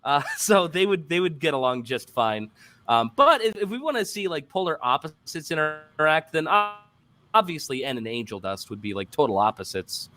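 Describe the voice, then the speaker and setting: A man voice actor chatting casually on a stream, animated and rambling, often repeating himself. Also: on the high side, moderate pace, no echo. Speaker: voice actor guest.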